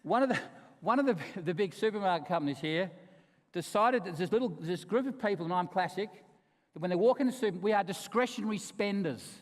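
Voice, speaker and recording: A man delivering a conference keynote in a fairly high voice. He tells stories with emphasis and humour, then drops into quiet asides. Long reverb from the large hall trails after his words. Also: expressive, brisk. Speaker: keynote speaker.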